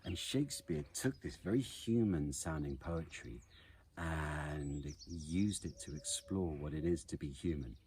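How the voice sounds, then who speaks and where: A man's voice: rumbling low, expressive, measured pace, darkish tone, a little hiss or hum. A man explaining poetry in an educational voice-over, chanting the beats aloud to show the rhythm.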